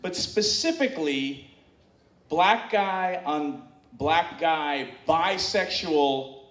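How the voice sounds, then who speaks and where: Male live storyteller, chatty, crowd-baiting, full of fillers; fairly high voice, echoey distant room sound. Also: drawn-out words. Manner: banters with the audience and prompts them to shout answers; chatty, frequent fillers and restarts. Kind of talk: live comedic storytelling on stage. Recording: echoey room, heard from off-mic.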